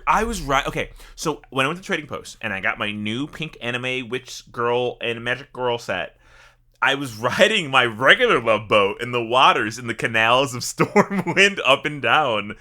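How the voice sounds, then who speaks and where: A man co-hosts a gaming podcast with a mid-pitched voice that swings widely as he jokes. His tone is bright and forceful. He talks casually and exclaims often. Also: moderate pace. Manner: animated, jokey, exclaims. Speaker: podcast co-host.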